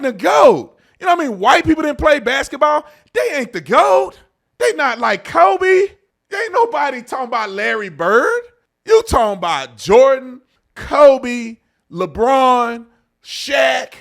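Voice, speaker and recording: A man hosting an online commentary video, ranting heatedly and swinging between shouting and low muttering. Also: sing-song, measured pace, gravelly.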